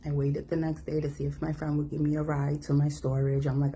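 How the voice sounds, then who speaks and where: A woman telling a personal story in a casual, animated way, acting out the voices of the people in it. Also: sits low, brisk, hardly any pauses, a little hiss or hum. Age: adult. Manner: animated, acts out quoted voices.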